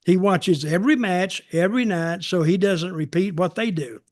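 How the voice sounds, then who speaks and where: An older man with a fairly high voice tells rambling, folksy stories in a relaxed chat. The sound is close and dry, with no room around it. He often slips into the voices of the people in his stories. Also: moderate pace, dry recording. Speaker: storytelling show host, former wrestler. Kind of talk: casual storytelling.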